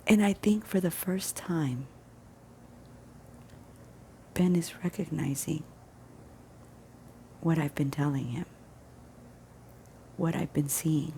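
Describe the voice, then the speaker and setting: A woman telling a personal story in a casual vlog, earnest and emphatic, often dropping to a hushed near-whisper. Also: sits low, slow pace, pauses often, a little hiss or hum. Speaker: vlogger.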